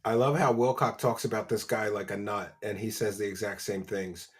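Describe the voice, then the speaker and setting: A man's voice: lowish voice, steady tone, normal speed, husky. A man hosting a live-stream commentary show, talking in a sarcastic, mocking way. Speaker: host.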